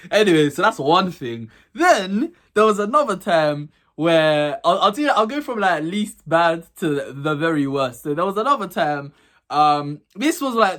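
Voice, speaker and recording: A young man telling school stories to camera in a casual, animated way, laughing as he goes. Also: fairly high pitch, moderate pace. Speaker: vlogger.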